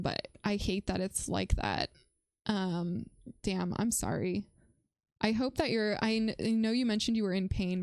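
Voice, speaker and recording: A woman's voice: mid-range voice, dry recording, clean studio sound. A woman live-streaming as she reviews a research paper, chatting playfully with viewers and breaking her explanations with fillers and restarts.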